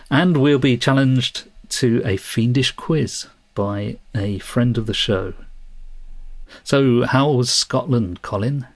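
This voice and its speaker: A man's voice: mid-range voice, slow pace, no room sound. Guy cohosting a podcast, laughs a lot while he explains stuff, dead dry mic. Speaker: podcast co-host. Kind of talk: casual podcast chat.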